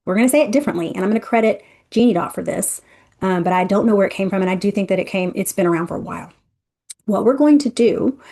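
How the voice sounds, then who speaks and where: With a mid-range voice, a woman leads an interactive energy workshop, chatting expressively and speaking directly to her listeners.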